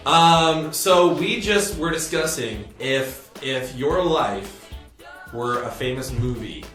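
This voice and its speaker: A man hosting a casual talk show, animated and prone to laughing outbursts. He sounds set back from the mic in a very echoey room, with music playing clearly underneath. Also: medium pitch, takes it slowly. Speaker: host. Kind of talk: casual chat. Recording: roomy, distant mic with music behind.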